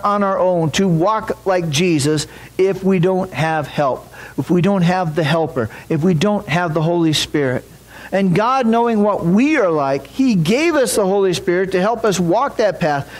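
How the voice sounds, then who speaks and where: A man as pastor, giving an earnest, unhurried sermon with a story and a prayer. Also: sits high, low-quality recording.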